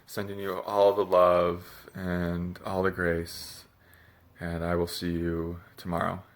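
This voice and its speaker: A man speaking in a confessional vlog, feeling sick and drained, with a halting, soft, searching delivery. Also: low-pitched, completely flat delivery. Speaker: spiritual vlogger.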